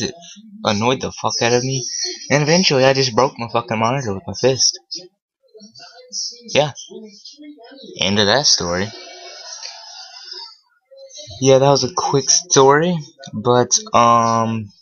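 Slow-talking profane man on a lo-fi mic. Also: mid-range voice, fairly bright tone. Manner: heavily profane, rambling with many fillers. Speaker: vlogger. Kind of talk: casual storytelling vlog. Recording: dull lo-fi recording.

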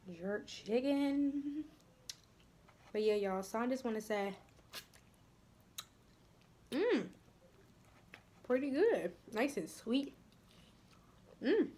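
Chatty young woman vlogger, soft asides. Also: fairly high pitch, slight background noise. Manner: chatty, addresses viewers as y'all, drops to soft near-whispers. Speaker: mukbang vlogger. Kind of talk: casual chat while eating.

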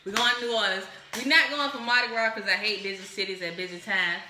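A woman with a very bright, sharp-edged voice chats casually as a comedy cocktail show host. She is exuberant and rambling, with frequent whoops. The sound has a strong echo from the room. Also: medium pitch, fairly even intonation, fast, faint music behind. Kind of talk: casual comedic chat while mixing drinks. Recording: echoey room.

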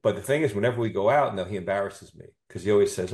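A chiropractor guest on a podcast, telling a patient story with enthusiasm and often adding "you know" and "okay?". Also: male voice, on the low side, quick pace, few pauses, a little mellow.

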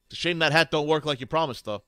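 A man's voice: fairly high pitch, racing, bright, forceful tone, smooth, no echo. A man voicing a male armorer who teases the customer wryly. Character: grumbling male armorer closing shop.

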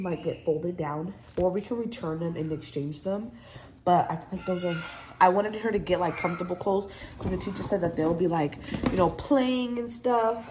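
Young woman, casual haul vlogger; lowish, slightly stuffy voice, loose filler-heavy delivery, noisy home recording. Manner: chatty, rambling, many fillers. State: congested.

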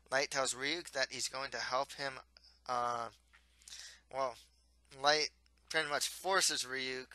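Rambling young man reviewing manga, bright voice. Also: medium pitch, no room sound, poor audio. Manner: rambling, heavy on fillers and restarts. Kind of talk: casual spoken review.

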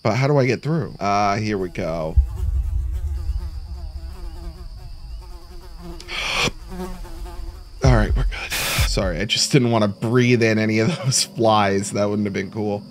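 A man's voice: fairly low pitch, normal speed, few pauses. A man casually commenting on a horror game as he plays, jumpy and talking to himself, with lots of "bro" and "dude". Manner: jumpy, reacts aloud, talks to himself, says bro and dude. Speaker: horror game let's player.

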